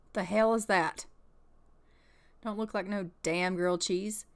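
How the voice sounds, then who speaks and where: A woman's voice: mid-range voice, fairly even intonation, unhurried. A woman hosting a gaming channel, giving casual gameplay commentary with sassy, exasperated banter and swearing.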